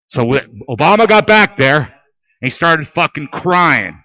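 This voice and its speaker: A man's voice: fairly high pitch, lively intonation, unhurried, no room sound, low-quality recording. Man, talk radio host, profane rant, heated, dry close sound. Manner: profane, heated, shouting at times.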